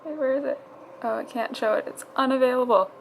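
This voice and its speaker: Fitness vlogger lady, kinda gravelly, swearing at a website, noisy room behind her. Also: high voice, quick pace. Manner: exasperated, swearing, talking to herself at a screen. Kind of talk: casual vlog commentary.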